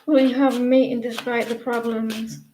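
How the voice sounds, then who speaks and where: A woman's voice: a little high, little pitch movement, normal speed, mellow. A woman giving a live, casual tarot reading. She is chatty, laughs often and breaks off mid-sentence. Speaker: tarot reader. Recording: echoey room with faint background noise.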